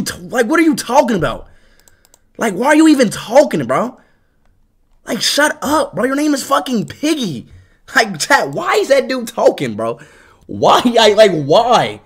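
A man's voice: sits high, a bit bright, breathy edge. A young man livestreaming, ranting at his chat with constant swearing and repeated "bro".

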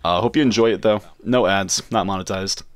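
A man's voice: low-pitched, a little fast, smooth. A man giving casual gameplay commentary as a streamer, joking and swearing freely. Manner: profane, joking trash talk. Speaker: gaming streamer.

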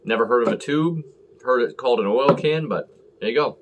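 A man's voice: mid-range voice, brisk, background noise. A man talking casually and rambling as he reviews a beer on camera, full of fillers and self-deprecating asides.

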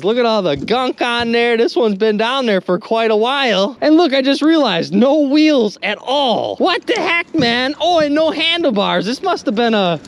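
A man vlogging while magnet fishing from a boat outdoors, excitedly narrating his finds to viewers and exclaiming often. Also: very high-pitched, gravelly, a little hiss or hum. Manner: animated, exclaims often, keeps addressing viewers as "you guys".

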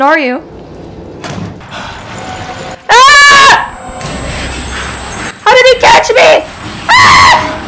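A woman's voice: extremely high pitch, noisy background. A young woman gamer commenting on a horror game, screaming at scares and jokingly taunting the monsters. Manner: screams and shrieks, jokey taunting of enemies. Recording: voice over loud game music.

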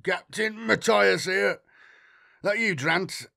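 A man voicing a gruff, pompous middle-aged freighter captain with a rough, sleep-heavy voice in an audiobook. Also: high voice, takes it slowly, pushed and bright, voice pushed up, exaggerated voice. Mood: groggy. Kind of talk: audiobook character voice.

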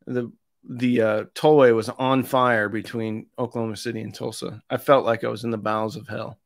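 A man's voice: medium pitch, level tone, moderate pace, creaky. A man hosting a live stream, chatting casually and reading out where his viewers are from, with jokey asides. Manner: chatty, jokey asides between roll calls. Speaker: host of an audio review channel.

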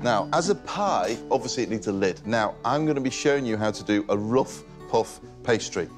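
With music playing behind him, a man from Merseyside, England, hosts a cooking show and demonstrates a recipe in his kitchen. He speaks casually and enthusiastically at a moderate pace, his fairly low, expressive voice praising the food.

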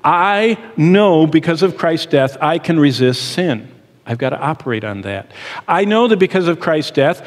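A middle-aged man teaching a sermon in an earnest, emphatic, explanatory way. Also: fairly high pitch. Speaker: Bible teacher. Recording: long hall reverb.

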